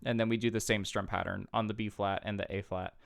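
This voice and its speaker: A man with a lowish voice talks through a guitar lesson in an easy, patient way. Loud guitar strumming plays under his voice throughout. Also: fast, creaky. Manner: relaxed, patient, counts beats aloud. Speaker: guitar teacher. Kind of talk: casual guitar tutorial. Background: guitar playing.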